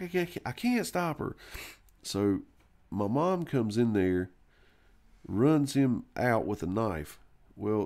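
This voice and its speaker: Rambling man telling a story, lowish voice. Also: darkish tone. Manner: rambling, with many fillers and restarts. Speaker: live stream co-host or guest. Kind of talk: casual storytelling on a live stream.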